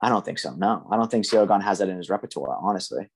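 Low-voiced man giving measured fight analysis. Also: expressive, breathy edge. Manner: measured, analytical, frequent ums. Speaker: podcast co-host. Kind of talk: casual fight-talk podcast chat.

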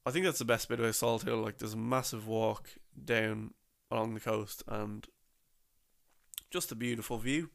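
Young guy rambling through a trip story, gravelly voice, lots of slang. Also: lowish voice, fairly even intonation, moderate pace, a bit bright. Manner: chatty, rambling, with slang and restarts. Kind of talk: casual storytelling about a trip.

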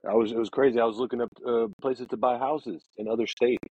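A man's voice: mid-range voice, fairly even intonation, quick pace, dark tone, husky, no echo, highs cut off. A man in laid-back, slangy casual chat on a podcast. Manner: laid-back slangy talk with repeated fillers. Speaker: podcast co-host.

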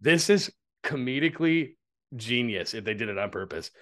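A man co-hosting a podcast in casual chat, telling stories in a loose, profane, animated way. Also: mid-range voice, moderate pace. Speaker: podcast co-host.

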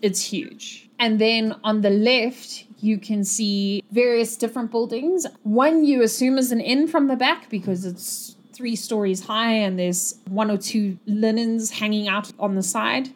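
A woman running a tabletop game as game master, describing the scene in a relaxed way with many fillers. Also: fairly high pitch, measured pace, few pauses.

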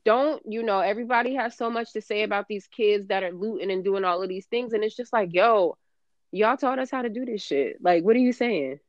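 A woman's voice: medium pitch, fairly quick, dry recording, dull audio. A woman co-hosting a podcast in casual chat, talking emphatically and profanely, rambling with many fillers. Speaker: podcast co-host.

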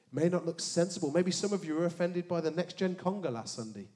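A man preaching a sermon, animated, with joking asides and dramatic hushed emphasis on key words. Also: a little high, quick pace. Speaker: pastor.

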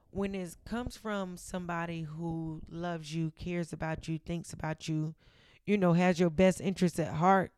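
Woman w/ giving real-talk advice, smooth voice, acts out quotes. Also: mid-range voice, dry recording, clean studio sound. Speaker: self-help speaker. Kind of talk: motivational talk to viewers.

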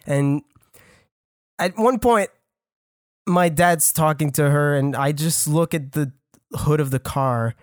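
A man's voice: on the high side, takes it slowly, pauses often, dry recording, studio quality. A young man in his early twenties with a French accent, telling a story casually with lots of swearing and restarts. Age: young adult. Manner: rambling, swearing, laughing, restarts. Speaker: storyteller guest.

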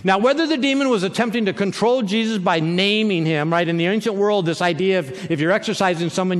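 A man's voice: sits high, a bit bright. A man preaching a sermon in a conversational way, often checking in with the listeners by asking "right?". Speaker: pastor. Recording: long reverb of a large hall.

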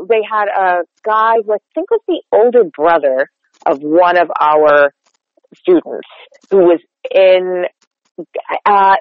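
A woman's voice: on the low side, vocal fry, no echo. A woman from North Texas, a dialect coach, chatting in a casual interview with lots of "like" fillers. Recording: dull lo-fi sound, dry.

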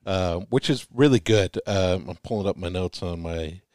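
A man's voice: sits low, normal speed, darkish tone, no room sound, clean studio sound. A man co-hosting a casual sports chat, easygoing and rambling with fillers. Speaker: co-host.

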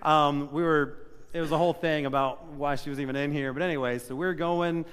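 A male pastor giving a sermon to his congregation, telling lively personal stories with self-deprecating humor. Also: a little high, a little fast, smooth, big-room sound. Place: church sanctuary.

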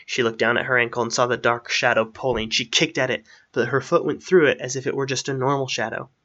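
A man narrating a fantasy story aloud in a steady storytelling manner. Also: mid-range voice, quick pace, highs cut off.

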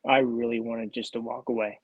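A man, a guest who is a former Marine recruiter, speaking haltingly in a casual chat and often repeating himself. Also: medium pitch, flat delivery, no room sound, phone-quality sound.

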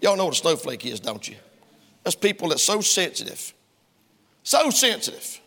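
A male pastor preaching a sermon in a church, folksy and emphatic, climbing to loud heated preaching. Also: on the high side, sing-song, fairly quick, gravelly. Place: church sanctuary. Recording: long reverb of a church hall.

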